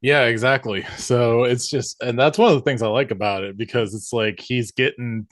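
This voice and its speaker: A man's voice: mid-range voice, steady tone, normal speed, dry recording, studio quality. A man from the American South with a light Southern accent, hosting a podcast in a rambling, casual conversation full of "you know"s. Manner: rambling, filler-heavy with many "you know"s. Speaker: podcast host.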